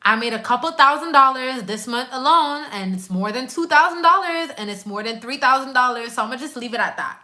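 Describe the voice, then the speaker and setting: A woman's voice: sits high, brisk, few pauses, pushed and bright. A woman from Quebec, a nurse and YouTuber, chatting casually on a live stream and reacting to viewer comments with slangy, emphatic asides. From Quebec, Canada.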